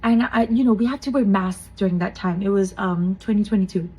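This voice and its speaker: A woman with a husky, breathy voice tells a personal story in an earnest and heartfelt way, laughing softly now and then. She speaks at an ordinary middle pitch, like a co-host of a small faith podcast sharing her testimony. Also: a little fast, rough recording. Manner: earnest, emotional retelling with soft laughs.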